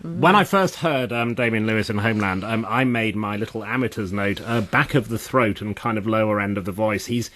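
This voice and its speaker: Male radio presenter, measured. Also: on the low side, fairly bright tone. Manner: measured, introduces clips, asks questions. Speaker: radio arts show presenter. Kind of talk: radio interview. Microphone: studio mic, dry.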